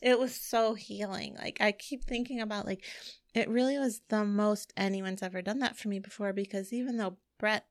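A woman's voice: mid-range voice, steady tone, moderate pace, no echo, studio quality. A middle-aged woman co-hosting a podcast, chatting casually and rambling, with many "like"s and laughs. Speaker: podcast co-host. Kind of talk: casual chat.

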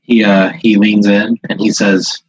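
A man's voice: fairly low pitch, level tone, measured pace, slightly rough, no room sound, muffled recording. A man hosting a casual chat, spinning an improvised story full of quoted voices and laughter. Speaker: host.

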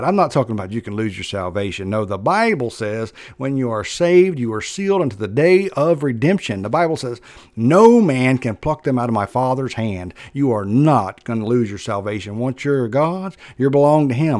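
A man preaching a sermon, emphatic and repetitive, slowing down to stress his points. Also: mid-range voice, darkish tone, no room sound, clean studio sound.

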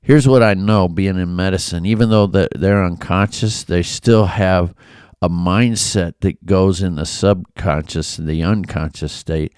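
Low, smooth-voiced man talking through scripture. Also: steady tone, a little slow, a little mellow, dry recording. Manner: conversational, earnest, with many asides and restarts. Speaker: Bible devotional host. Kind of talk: informal Bible commentary.

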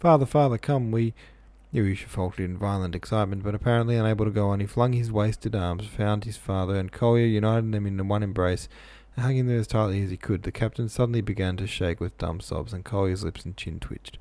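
A man reads a novel aloud in a low voice with a gravelly edge and a dark, mellow tone. His reading is plain, and his asides are offhand and casual, filled with "like". The sound is close and dry. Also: steady tone, fast, hardly any pauses, dry recording. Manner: offhand, says "like" a lot. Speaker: reader.

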